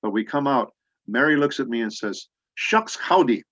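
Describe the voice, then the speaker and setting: A middle-aged man, a voice actor guest, telling rambling anecdotes with many pauses in a casual interview. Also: medium pitch, fairly bright tone, dry recording. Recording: dull lo-fi audio.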